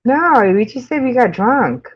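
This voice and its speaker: A woman's voice: a little high, expressive, a little slow, husky, dull audio. A woman with a New York accent chatting casually with live-stream viewers, rambling with lots of fillers and frequent laughs. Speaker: makeup channel host.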